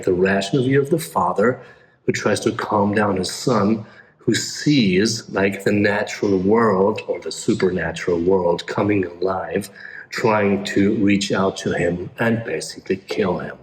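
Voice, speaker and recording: A man's voice: fairly low pitch, measured pace, a little hiss or hum. A man explaining a classic poem in an earnest, enthusiastic lecture. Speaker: literature lecturer.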